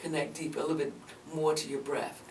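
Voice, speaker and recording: Low-pitched and a bit dark in tone, this vocal coach speaks briskly with fairly even intonation. She gives voice lesson instruction in a chatty, encouraging way, addressing her student as "girl." An echoey room, a far-off mic and background noise color the sound.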